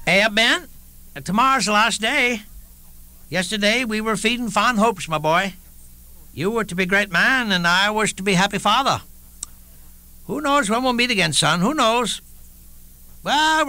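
Guy doing a tender old dad, voice jumps way higher, pleading, stagey. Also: animated, normal speed, pauses often, pushed and bright, dry recording, heavily acted. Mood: wistful. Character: aging father, tender and wistful. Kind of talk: theatrical storytelling monologue.

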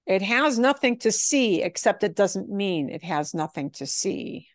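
A woman teaching a language class, explaining phrases patiently and modeling them slowly. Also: medium pitch, expressive, no echo, studio quality. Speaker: Spanish teacher.

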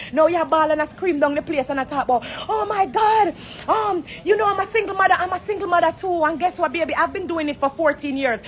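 A woman's voice: high voice, a bit bright, a little hiss or hum. A woman with a Jamaican accent in a heated, blunt live-stream rant from an airport corner, talking into her phone. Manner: confrontational, blunt, profane. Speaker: dancehall artist on a live stream.

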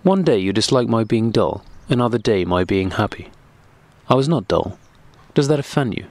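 A man putting on a young society wife who brushes things off with airy, cool mockery, her voice lifting a little above a low narrator's register, read like a storybook. the delivery stays light and teasing. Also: lively intonation, normal speed, dry recording.

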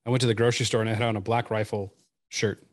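Guy guest chef telling a story, animated, repeats himself, dry sound. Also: lowish voice, very fast, no room sound. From United States. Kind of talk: casual storytelling chat.

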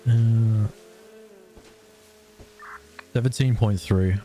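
A man streaming a roleplay game, chatting casually with friends, playful and quick to laugh. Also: fairly low pitch, steady tone, dark tone, faint music behind. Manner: laughing, playful, talks in a pirate growl. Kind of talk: casual gaming chat.

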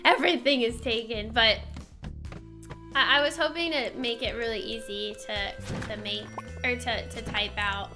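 A woman's voice: on the high side, a little slow. A young woman streaming a game, chatting casually and rambling as she thinks aloud, with many fillers and restarts. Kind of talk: casual chat while gaming. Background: game music.

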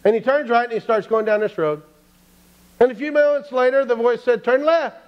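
A man's voice: very high-pitched, a little fast. A man preaching a sermon as pastor, telling a story and acting out the people in it. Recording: dull lo-fi church stream.

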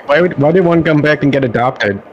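A man chatting on a gaming stream and reading game notes aloud in a steady, even way. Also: a little high, fairly quick, lo-fi sound, a little hiss or hum. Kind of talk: casual gaming chat.

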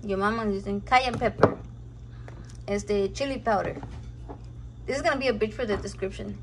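A young home cook vlogger chats casually and playfully while cooking at home, swearing a lot and switching between Spanish and English. She has a mid-range voice at normal speed, and the home kitchen recording is noisy.

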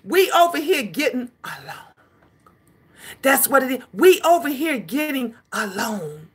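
A woman hosting a casual livestream, talking to her viewers in an animated, emphatic way, repeating lines for effect and cursing out trolls. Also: sits high, a little slow, husky. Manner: profane, scolding trolls. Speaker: livestream host.

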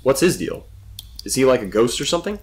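A man's voice: mid-range voice, very animated, fast, darkish tone, slight background noise, pitched above the performer's own voice, natural voice. A man playing a young explorer lost in a cave, sarcastic and questioning.

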